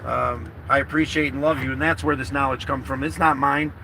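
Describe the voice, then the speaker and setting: A man's voice: medium pitch, fairly even intonation, brisk, gravelly, bright, forceful tone, a little hiss or hum, poor audio. Emotional rambling man in a car. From New York. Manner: heartfelt, rambling, swears often. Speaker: vlogger. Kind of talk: emotional casual vlog talk. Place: in a parked car outdoors.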